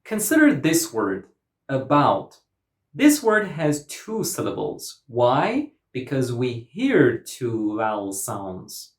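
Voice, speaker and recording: Slow, lively-voiced male English teacher. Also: medium pitch, reverberant. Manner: clear, deliberate explaining with modeled example words. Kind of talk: scripted online lesson.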